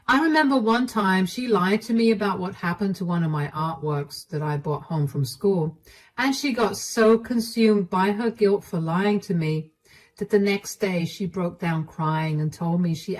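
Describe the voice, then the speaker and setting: Earnest woman narrating a story. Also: on the low side. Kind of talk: first-person story narration.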